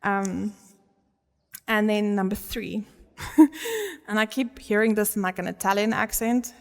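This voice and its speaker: A woman's voice: medium pitch, steady tone, unhurried. A woman preaching a sermon in a church, earnest, often laughing and stressing key words. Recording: long reverb of a church hall.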